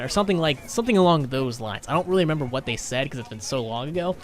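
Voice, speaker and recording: A man's voice: fairly high pitch, animated, fast, hardly any pauses, soft background music. A young man, a gaming YouTuber, rambling through a funny self-mocking story over gameplay.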